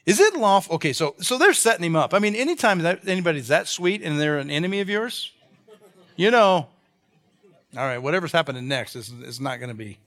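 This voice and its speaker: A man preaches a sermon in a high voice that swings widely in pitch. He reads scripture, then unpacks it in plain, chatty talk, often restarting his sentences. Now and then he acts out the people in the story. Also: a little fast. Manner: animated, acts out the quoted people in the stories; conversational, with repeated restarts. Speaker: pastor.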